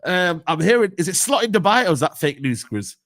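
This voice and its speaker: Animated young man ranting about football. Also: high voice, a little fast. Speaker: football pundit and United fan. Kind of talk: heated casual football debate.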